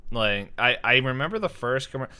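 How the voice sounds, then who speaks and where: A man's voice: mid-range voice, sing-song, a little fast, pushed and bright, clear, resonant tone. A young man hosting a casual podcast chat, rambling with lots of fillers and frequent laughs. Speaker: podcast host.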